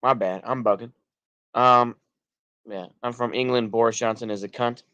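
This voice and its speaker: Dull audio with no echo carries a mid-range voice, steady in tone yet pushed and bright, at normal speed. The speaker, a Texan-accented streamer from the United States, rambles somewhat drunkenly while reacting to chat, with loose restarts and trailing sentences.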